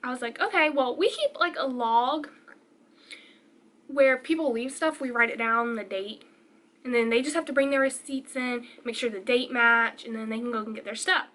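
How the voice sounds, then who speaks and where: Bright-voiced young woman telling stories. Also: fairly high pitch, normal speed. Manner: chatty, animated retelling with quoted voices. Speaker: vlogger. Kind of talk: casual storytime.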